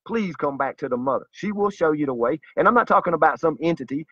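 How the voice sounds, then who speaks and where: A man's voice: a little high, lively intonation, brisk, few pauses, fairly bright tone, husky, no room sound. A man delivering a zealous, preachy monologue straight to his viewers in a slightly dull lo-fi recording. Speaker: vlogger. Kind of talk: earnest direct-to-camera monologue.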